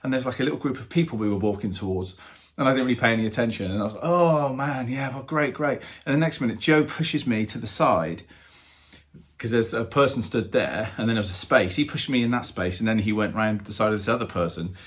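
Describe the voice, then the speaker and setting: A man in his fifties, a drummer hosting his own channel, telling a story with animated fan excitement and lots of fillers. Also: fairly low pitch, quick pace. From England. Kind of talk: casual storytelling to camera.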